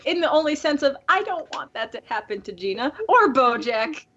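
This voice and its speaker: Giggly high-voiced young woman podcasting. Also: animated, fairly bright tone. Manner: giggly, quick storytelling. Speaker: podcast host. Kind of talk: casual podcast chat. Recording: slightly dull lo-fi sound.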